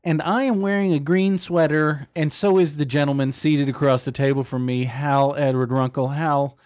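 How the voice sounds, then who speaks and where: A man's voice: fairly high pitch, fairly even intonation, normal speed, a little mellow, no echo. A man co-hosting a podcast at a studio table, talking loosely with lots of fillers. His voice sits a little above the usual range. The sound is dry and close, with no room around it. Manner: easygoing, chatty, with frequent fillers. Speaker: podcast host. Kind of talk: casual podcast chat. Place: studio table, seated across from co-host.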